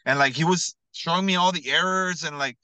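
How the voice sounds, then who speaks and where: A man tells a heartfelt story in loose, slangy podcast chat, dropping "bro" and "you know what I mean" constantly. His voice sits fairly high and bright with a forward edge. The sound is dry and close, with no room around it. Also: a little fast, smooth, no room sound, rough recording. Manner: earnest, builds to excited emphasis. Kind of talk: casual storytelling.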